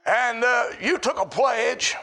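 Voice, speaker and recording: Man preaching, bright sharp tone, rhythmic repeated lines, builds to shouts. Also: very high voice, takes it slowly, creaky. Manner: chanting, rising to shouts, repetitive cadence. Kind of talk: sermon.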